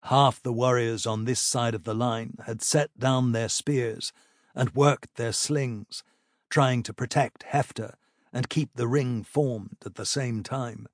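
A man narrating a fantasy battle audiobook in a measured, even storytelling manner. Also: medium pitch, no echo, studio quality.

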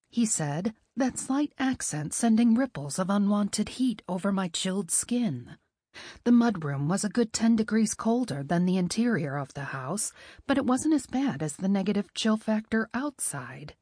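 A woman reading a first-person novel in a wry, expressive way. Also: mid-range voice, unhurried, husky, no echo, studio quality. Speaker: audiobook narrator.

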